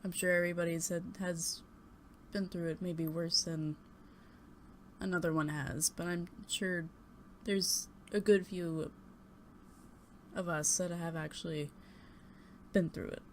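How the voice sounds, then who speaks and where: Speaking unhurriedly with long pauses, this young woman's fairly low, steady voice tells a personal story to her webcam at home. She rambles, hesitates, and is sometimes blunt and profane, captured on a desktop USB mic and webcam with a little hiss or hum.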